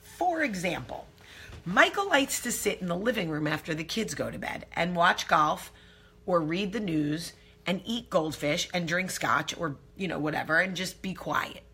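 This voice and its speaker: Woman vlog host, brash and salty storyteller, bright with a husky grain. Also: on the low side, normal speed. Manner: brash, profane, animated storytelling. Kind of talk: candid storytelling to camera.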